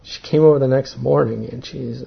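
A man giving an earnest personal testimony to a group, halting and full of fillers. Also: mid-range voice, fairly even intonation, gravelly, breathy edge, highs cut off. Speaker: speaker giving a talk.

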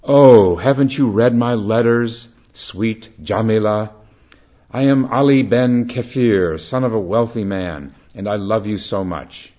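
An impassioned young man pours out his love in a pleading, emphatic voice, as a man telling a story puts him on. The voice is lifted and louder than the storyteller's own low, husky tone. The recording sounds dull and lo-fi. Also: measured pace.

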